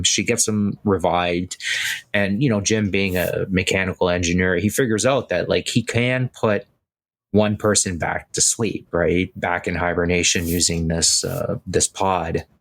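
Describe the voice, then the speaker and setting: Low-voiced man rambling about a film. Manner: rambling, frequent "like" and "right?". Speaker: podcast host. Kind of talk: casual film discussion.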